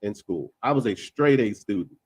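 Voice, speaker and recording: A man's voice: lowish voice, animated, a little mellow, breathy edge, no room sound. Emphatic man in casual talk. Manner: emphatic, repeats himself, quick asides. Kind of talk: casual discussion.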